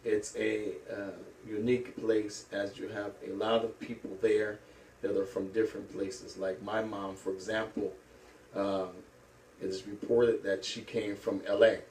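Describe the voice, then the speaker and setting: A middle-aged man from St. Louis, an Islamic teacher, telling his life story slowly with many pauses and hesitations. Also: on the low side, level tone, darkish tone. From St. Louis, USA. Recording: echoey room, mic at a distance.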